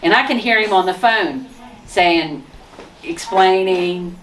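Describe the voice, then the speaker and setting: A woman telling her personal testimony in a lively way, often laughing and restarting her sentences. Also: lowish voice, slow. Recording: distant mic with noise.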